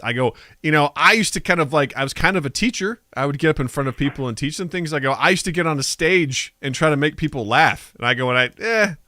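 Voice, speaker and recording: A man's voice: on the high side, fast, few pauses, no room sound. A man in his thirties co-hosting a podcast, telling a story in casual chat and acting out the quotes. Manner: animated storytelling, acts out quotes. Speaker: podcast co-host.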